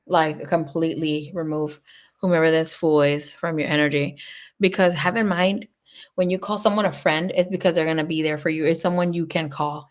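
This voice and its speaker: A woman's voice: on the low side, fairly even intonation, moderate pace. A woman giving a casual livestream tarot reading, talking bluntly and swearing freely as she tells stories. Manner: blunt, profane, chatty storytelling. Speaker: tarot reader.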